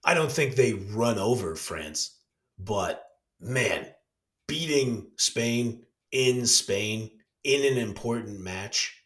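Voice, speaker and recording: A man's voice: on the low side, animated, takes it slowly, fairly bright tone, roomy sound. A man co-hosts a casual sports podcast in an easygoing way. He gives his opinions loosely, laughs along and swears now and then, like a friend chatting about a game. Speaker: podcast co-host.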